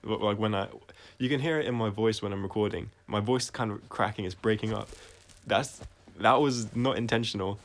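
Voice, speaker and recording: A man talking through his own songs on a casual livestream, reflective and halting, often restarting his sentences and trailing off quietly. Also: on the low side, slight background noise. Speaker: singer-songwriter explaining his songs.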